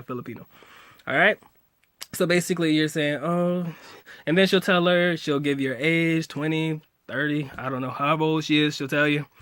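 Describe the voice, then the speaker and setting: A man's voice: on the high side, a bit bright, dry recording, clean studio sound. A man in his late twenties casually teaching simple phrases in a home video, joking and laughing easily with slangy talk. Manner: laid-back, joking, slangy, laughs often.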